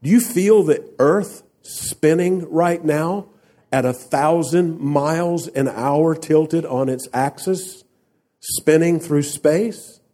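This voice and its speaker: A man's voice: fairly high pitch, slow pace, dark tone. A man preaching a sermon, speaking emphatically and asking the congregation rhetorical questions. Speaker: pastor.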